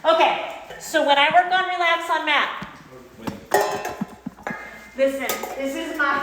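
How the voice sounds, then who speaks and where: A high-voiced, slightly bright woman trainer leads a cheerful dog training lesson at a moderate pace, praising the puppy as she explains each step. It's recorded in an echoey hall with a little background noise.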